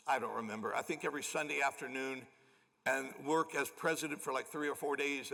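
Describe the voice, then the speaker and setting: Older male pastor, bright gravelly voice, animated self-deprecating storytelling, long church reverb. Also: mid-range voice. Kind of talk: storytelling sermon. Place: large church auditorium.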